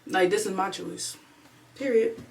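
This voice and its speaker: A woman in her twenties talks straight to camera at home, chatty and animated as she tells a workplace story. Her voice sits at a mid pitch and comes from a little way off the mic, with a faint hiss under it. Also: measured pace, gravelly, far from the mic. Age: 20s. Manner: chatty, animated, replays her own inner voice. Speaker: vlogger. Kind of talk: casual storytime chat to camera. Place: at home alone.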